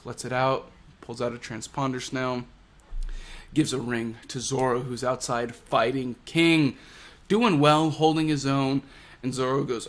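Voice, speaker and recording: A man's voice: mid-range voice, fairly bright tone. A man giving a casual, enthusiastic review of a comic chapter, retelling scenes. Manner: enthusiastic, retelling with acted quotes. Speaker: manga reviewer.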